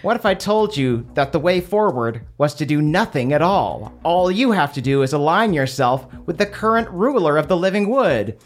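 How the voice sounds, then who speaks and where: A man acting a grandiose male adventurer, slow, persuasive, lively pitch.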